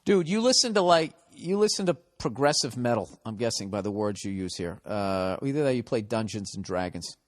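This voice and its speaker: A man's voice: on the low side, animated, a little fast, hardly any pauses, no echo, studio quality. A man with a Boston accent, hosting a podcast and reading listener mail in a sarcastic, mocking, profane comedic rant. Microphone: studio podcast mic.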